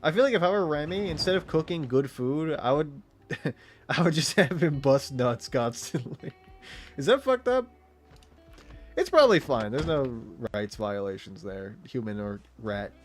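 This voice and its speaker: A man's voice: mid-range voice, animated, a little slow, soft background music. A young man streaming a game, chatting in a rambling, crude, giggly way. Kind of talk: casual chat while streaming a game.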